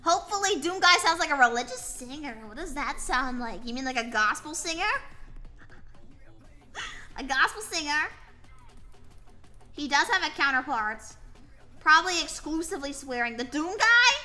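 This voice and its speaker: A woman's voice: high voice, animated, moderate pace, long pauses, sharp tone. A tired young woman streaming as a VTuber, chatting casually and rambling while she draws and answers her chat. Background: faint music playing.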